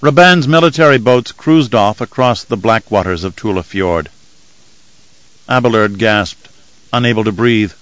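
A man narrating an audiobook in a steady, measured storytelling manner. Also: fairly low pitch, no room sound, rough recording. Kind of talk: scripted narration.

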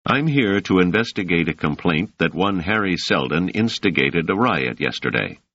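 A man voicing a calm, formal male security officer, in a slightly muffled recording. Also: low-pitched, moderate pace, breathy edge, dry recording, heavily acted.

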